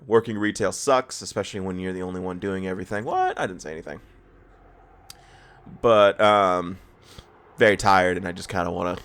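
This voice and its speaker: Sleepy guy doing lets play commentary, low-ish voice, rambles and stammers a lot. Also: fairly bright tone, clear, resonant tone. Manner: rambling, self-deprecating, stammers and laughs. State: tired, just woke up. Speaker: let's play host. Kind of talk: casual gameplay commentary.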